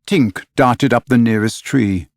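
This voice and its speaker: A man reading a storybook aloud in measured, expressive narration. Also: mid-range voice, dry recording, studio quality. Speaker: audiobook narrator. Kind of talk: scripted narration.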